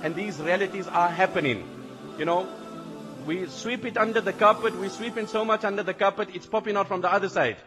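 A man preaching a sermon in an animated way, repeating phrases for emphasis. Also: high voice, a little fast. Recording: long hall reverb, faint music.

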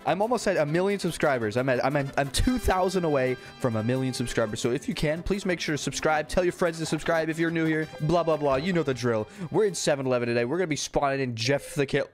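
Young guy commentating a game, slightly high voice, jumpy and yelpy, faint music under it. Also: animated, fast, hardly any pauses. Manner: jumpy, yelps and laughs when startled. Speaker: gaming YouTuber. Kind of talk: gameplay commentary.

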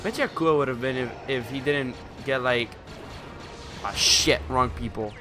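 Excitable man narrating gameplay over music. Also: medium pitch, moderate pace. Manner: excitable, swears, yells attack moves. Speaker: let's play commentator. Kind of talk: casual gameplay commentary. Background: loud game music.

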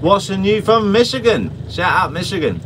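A man with a high voice chats casually with his livestream viewers, dropping friendly slang as he goes. He is out on a small fishing boat, and loud engine and wind noise sit under his voice. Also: big pitch swings, moderate pace. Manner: chatty, reads out viewer comments, friendly slang. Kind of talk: casual live-stream chat with viewers. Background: boat engine and water.

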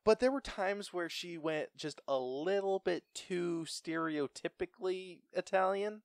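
A young man co-hosting a podcast, chatting casually about a film with an animated, stumbling delivery and frequent laughs. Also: sits high, a little slow, dry recording, studio quality. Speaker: podcast co-host. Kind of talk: casual film review chat.

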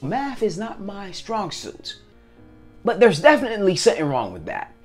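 A man vlogging casually to his viewers, animated and acting out little scenes in different voices. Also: high voice, normal speed, faint music behind. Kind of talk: casual talk to camera.

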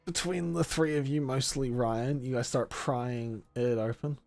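Male game master narrating a tabletop game, relaxed and explanatory, faint music behind. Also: mid-range voice, unhurried, gravelly.

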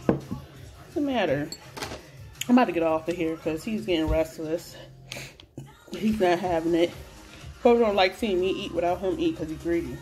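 A woman's voice: fairly low pitch, moderate pace, pauses often. A woman chatting casually into a phone camera while eating, laid-back and laughing often, with faint music behind her. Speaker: mukbang vlogger.

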